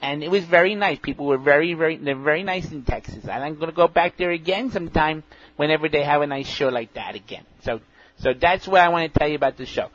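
A man's voice: a little high, quick pace, fairly bright tone. A man voicing an odd, rambling pinball fan who talks in a childlike, repetitive, self-important way. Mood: rambling earnest. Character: odd, rambling middle-aged male pinball know-it-all. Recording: dull lo-fi podcast audio, faint hiss.

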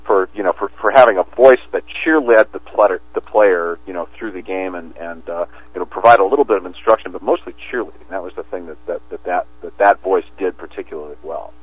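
A man with a very low voice talks casually as an interview guest, circling with restarts and fillers. The sound is thin and phone-like, with no room echo. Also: a little fast, few pauses, breathy edge. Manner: rambling, many restarts and fillers. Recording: tinny phone line, dry.

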